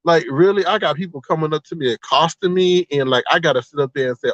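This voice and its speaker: A man hosting a livestream, chatting casually in a rambling, animated way, exclaiming and laughing often. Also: fairly high pitch, fairly quick, few pauses, no room sound. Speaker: livestream host. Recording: slightly dull, dry sound.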